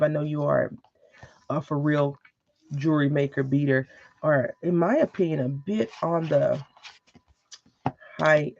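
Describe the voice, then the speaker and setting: A woman's voice: low voice, vocal fry, highs cut off. A woman hosting a casual crafting video, chatting with viewers in a rambling way and mimicking others. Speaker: crafting channel host. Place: home craft room.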